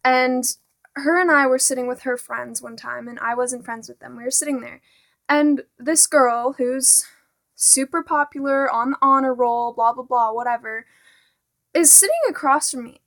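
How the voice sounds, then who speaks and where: A woman's voice: high voice, a bit bright. Exasperated teen girl ranting. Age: teens. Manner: exasperated, full of "like" and "honestly". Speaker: vlogger. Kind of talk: casual rant to camera.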